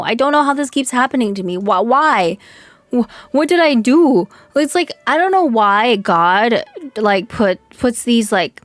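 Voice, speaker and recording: A young woman streamer vents in casual live chat, talking fast and saying "like" a lot in a fairly high voice gone a bit hoarse from yelling. There's no room sound.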